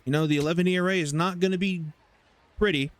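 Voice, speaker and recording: A young man casually commentating his baseball video game, rambling, swearing and getting excited over plays. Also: high-pitched, quick pace, slight background noise. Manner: chatty, rambling, profane, excitable. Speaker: gaming YouTuber. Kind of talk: casual let's-play commentary.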